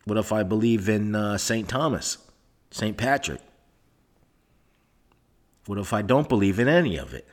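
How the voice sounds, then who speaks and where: A man's voice: on the low side, animated, measured pace, pauses often. A man hosting a podcast alone, talking in a rambling, sarcastic way with swearing, recorded on a microphone into a laptop in a soundproofed room. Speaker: podcast host. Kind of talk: rambling solo podcast monologue.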